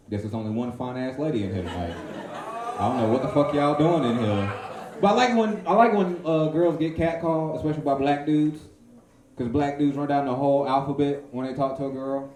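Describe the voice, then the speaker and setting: A man doing a stand-up set in a comedy club, swaggering and crude, with sudden high-pitched character voices. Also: warm tone. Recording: echoey club room.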